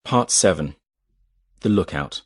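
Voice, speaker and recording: A man with a very low, deep voice reads an audiobook steadily and evenly. The sound is dry and close, with no room around it. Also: lively intonation, takes it slowly, breathy edge, no echo. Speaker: audiobook narrator. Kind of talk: scripted narration.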